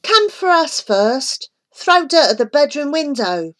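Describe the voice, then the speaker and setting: A woman's voice: sits high, sing-song, a little slow, voice pushed up. A woman voicing an earnest girl who exclaims eagerly. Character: girl, earnest and easily alarmed.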